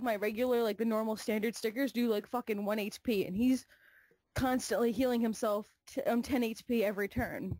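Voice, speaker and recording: A young woman co-hosting a casual gaming talk show, animated, swearing freely, laughing often and packing her talk with fillers. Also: fairly high pitch, dry recording. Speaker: co-host.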